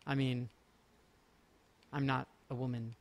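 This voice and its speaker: A man's voice: medium pitch, little pitch movement, takes it slowly. A man streaming a game live, talking casually in a rambling way and making self-mocking jokes.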